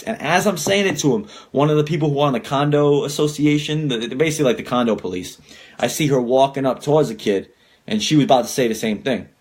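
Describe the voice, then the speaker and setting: A man's voice: mid-range voice, fast talker. A young man hosting a podcast, ranting casually and swearing a lot as he gets worked up. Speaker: podcast host.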